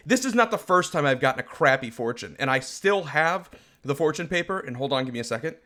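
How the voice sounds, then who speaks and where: A man co-hosting a podcast, ranting with exasperated, lively energy. His voice sits somewhat high, with bright and forceful tone. His pitch swings widely as he complains and laughs. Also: fast talker. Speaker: podcast co-host. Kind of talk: casual podcast chat.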